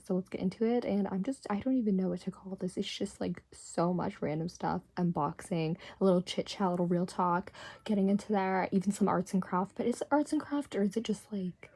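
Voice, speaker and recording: A young woman vlogging from her bedroom, chatting and unboxing in a rambling, bubbly way, dropping to whispers and jumping to excited squeals. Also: mid-range voice, husky. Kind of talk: casual vlog chat and unboxing.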